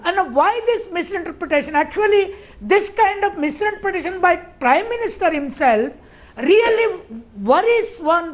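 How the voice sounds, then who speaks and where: A woman arguing as a guest on a televised debate, forceful and argumentative. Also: extremely high pitch, low-quality recording. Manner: forceful and argumentative, starts points with "see". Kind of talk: arguing a point on a televised panel.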